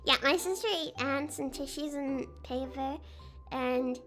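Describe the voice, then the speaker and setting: Giggly high-voiced young woman. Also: a little slow, faint music behind. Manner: excitable, giggly and sarcastic. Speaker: streamer. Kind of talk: casual livestream chat.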